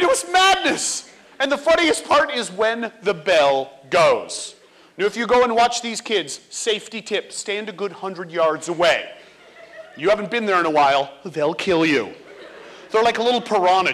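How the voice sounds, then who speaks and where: A man giving a comic talk on stage, acting out children and teachers in an animated way. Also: sits high, a little slow. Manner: animated, acts out kids and teachers. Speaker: speaker.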